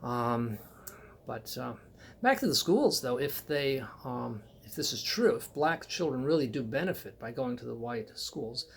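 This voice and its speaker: Gravelly man with halting, dry commentary. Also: mid-range voice, animated, a little hiss or hum. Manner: halting, frequent um and uh pauses. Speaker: political commentator. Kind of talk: solo spoken commentary.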